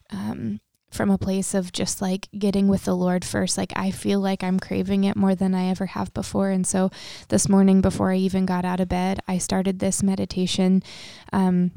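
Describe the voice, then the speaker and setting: A woman's voice: medium pitch, gravelly, mellow, no room sound, clean studio sound. A woman co-hosting a faith podcast, talking earnestly with many fillers. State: emotional, near tears. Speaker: podcast co-host. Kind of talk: casual faith discussion.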